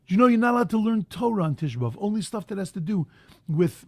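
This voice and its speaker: A man giving a sermon as a rabbi, impassioned, rising to loud emphatic peaks, mixing in Hebrew terms and translating them. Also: high voice, big pitch swings, fast talker, gravelly, no echo.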